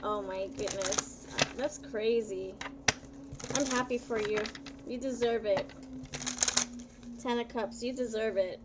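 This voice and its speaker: A woman tarot reader chatting live with her viewers, bubbly and playful, often excited and drawing her words out. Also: a little high, slow pace, pauses often, very noisy. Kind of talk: casual live-stream chat with viewers.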